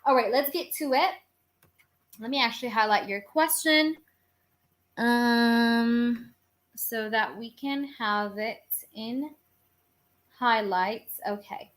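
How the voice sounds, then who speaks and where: A woman giving live tarot readings to her viewers in a loose, chatty stream of talk full of fillers. She curses casually. Her voice is bright and sits slightly high. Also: slow pace, long pauses. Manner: chatty and informal, with casual cursing; rambling, with many filler phrases. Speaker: tarot reader.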